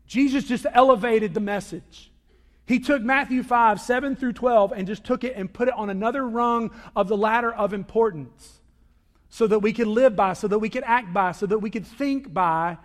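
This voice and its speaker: A man preaching a sermon as a pastor, swinging from loud emphasis to quiet asides. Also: high voice, lively intonation, normal speed. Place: church sanctuary. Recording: long reverb of a large hall.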